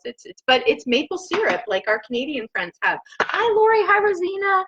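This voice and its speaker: A woman's voice: high-pitched, sing-song, normal speed, hardly any pauses, bright, forceful tone, dull audio. A woman hosting a home cooking live stream from her kitchen, bubbly and gushing, laughing often as she chats to viewers. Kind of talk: casual live-stream chat. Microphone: laptop on the counter.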